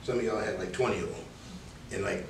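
A man's voice: on the low side, steady tone, fast talker, a little hiss or hum. A man with a New York accent, a public speaking instructor giving candid, conversational feedback to a class and mimicking filler words as he corrects them. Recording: echoey room, mic from a distance.

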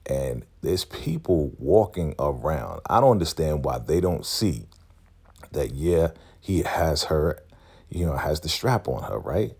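A man casually recapping a TV episode, talking in an animated, storytelling way. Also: a bass voice, unhurried, vocal fry, husky. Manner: animated storytelling, acting out scenes. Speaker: TV recap vlogger.

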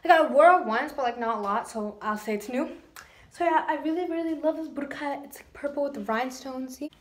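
A woman's voice: high voice, a little fast. A teenage girl chatting casually in a vlog on a handheld phone, bubbly and slangy. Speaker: vlogger. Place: home and stores, filmed on the go.

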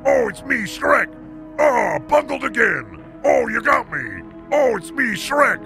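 A man's voice: very high-pitched, huge pitch swings, slow pace, vocal fry, bright, forceful tone, soft background music, voice pushed up, full character voice. A man putting on a goofy parody voice of a defeated ogre, repeating the same catchphrase. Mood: mock-goofy. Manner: drawled, repetitive catchphrase mockery. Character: goofy male Shrek parody, dopey and defeated.

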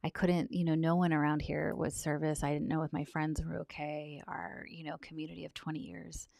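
Low creaky woman, teary, soft and halting, dry close sound. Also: level tone, dry recording. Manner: soft, halting and reflective, often near a whisper. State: tearful, on the verge of crying. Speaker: vlogger sharing a personal account. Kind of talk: personal storytelling to camera.

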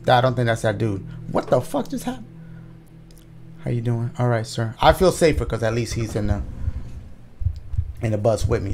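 A man casually commenting on his gameplay, cracking jokes, swearing freely and reacting loudly to scares. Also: medium pitch, very animated, moderate pace, pauses often, a little hiss or hum. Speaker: gaming YouTuber.

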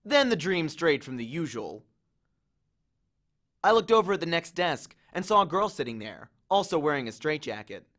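A man narrating a novel in the first person in a measured, expressive storytelling manner. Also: a little high. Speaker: audiobook reader.

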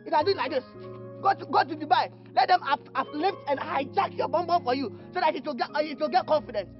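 A man's voice: very high-pitched, quick pace. A man with a Nigerian accent playing a cheeky young man who chases a woman, teasing and boastful with frequent laughter. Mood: mocking. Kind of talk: Nollywood film acting. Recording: dull lo-fi audio with faint music.

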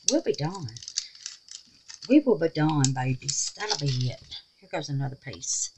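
Against background noise, a medium-pitched woman chats her way through a craft tutorial at home. She's exclamatory and animated, and she affectionately calls her viewers babies.

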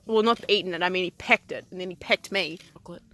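A young woman vlogging on an outdoor picnic, excitable and giggly and swearing freely. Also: on the low side, fast talker. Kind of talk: casual vlog chat. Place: outdoors in a rainforest picnic area. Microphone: handheld camera.

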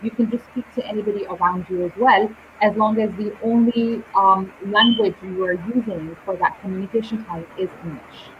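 A woman teaching English in a live online session, speaking slowly and deliberately with clear pauses between words. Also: mid-range voice, fairly even intonation, background noise. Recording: dull lo-fi live stream audio.

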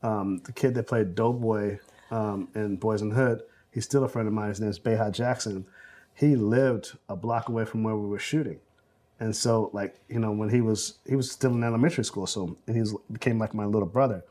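Animated, rambling man in his forties. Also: on the low side, fairly quick. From South Central Los Angeles, USA. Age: 40s. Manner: animated storyteller, acts out quotes, many fillers. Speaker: film director interviewee. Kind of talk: oral history interview, anecdotal storytelling.

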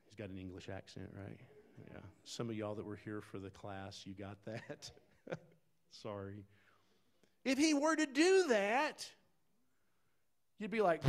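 A man preaching a sermon in a folksy, conversational way, talking straight to the congregation, dropping to quiet asides and rising to loud, emphatic bursts. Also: lowish voice, very animated, unhurried, pauses often. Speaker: pastor.

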